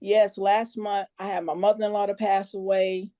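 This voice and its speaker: A woman speaks earnestly on a team call, plain-spoken and a little nervous. Her voice is mellow and mid-pitched. The sound is dry and close. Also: flat delivery, normal speed, dry recording. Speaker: guest team member sharing her story. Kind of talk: casual testimonial on a conference call.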